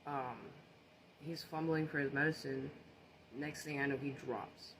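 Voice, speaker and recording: A man's voice: a little high, fairly even intonation, a little slow, a bit bright, rough recording. A man casually recounting a personal story, earnest and shaken, often restarting and repeating phrases. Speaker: social media storyteller. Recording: noticeable background noise.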